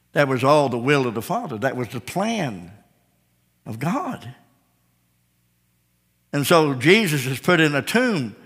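A man preaching a sermon, calling out to the congregation and building to shouted peaks. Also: fairly high pitch, husky, big-room sound. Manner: preaching with call-outs, building to shouted climaxes.

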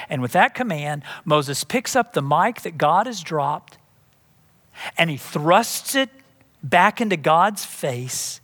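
A man's voice: on the high side, animated, takes it slowly, fairly bright tone. A man preaching a sermon as pastor, emphatic and conversational, often repeating words as he builds a point. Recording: long hall reverb.

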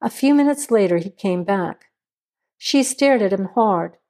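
Woman, story narration, even measured reading, warm dark timbre. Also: mid-range voice.

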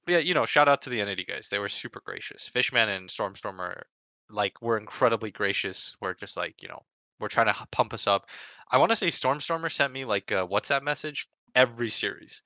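Bright-voiced man ranting animatedly. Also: on the low side, a little fast, no room sound. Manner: animated storytelling, heavy swearing, rants. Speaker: pro esports player recounting a tournament. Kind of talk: casual podcast chat.

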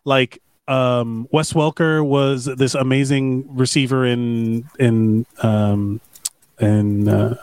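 A man's voice: mid-range voice, steady tone, slow pace, a little mellow, clean tone, no room sound, clean studio sound. A man co-hosting a podcast in casual, rambling chat, swearing and joking as he reads comments. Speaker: podcast co-host.

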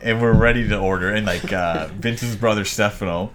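A man's voice: fairly low pitch, moderate pace, slight background noise. A man chatting casually on a podcast, laughing as he tells a story. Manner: laughs while telling stories. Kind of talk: casual chat.

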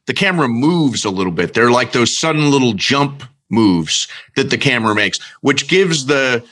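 Bright, lively male interviewer. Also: medium pitch, normal speed. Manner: thoughtful, asks probing questions. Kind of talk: casual conversation.

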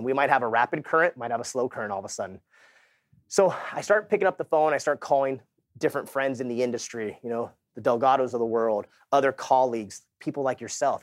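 A middle-aged man telling a lively real estate story to a summit audience in casual slang, acting out the dialogue. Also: medium pitch, no room sound, studio quality. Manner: animated, slangy, acts out quoted dialogue. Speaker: real estate agent giving a talk. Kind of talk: energetic motivational storytelling. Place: stage at a sales summit.

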